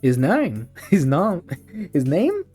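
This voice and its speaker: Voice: medium pitch, huge pitch swings, slow pace, mellow, slightly rough, soft background music, pitched above the performer's own voice, full character voice. A streamer voicing an offhand woman baker with a put-on Scottish or Irish lilt. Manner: offhand and casual. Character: smiling middle-aged woman baker, offhand.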